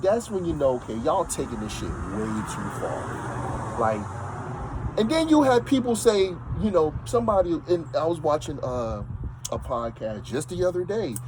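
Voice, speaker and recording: A man's voice: mid-range voice, sing-song, moderate pace, noisy background. A man with a New York accent talking casually and emphatically to his audience, often repeating himself. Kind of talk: casual monologue.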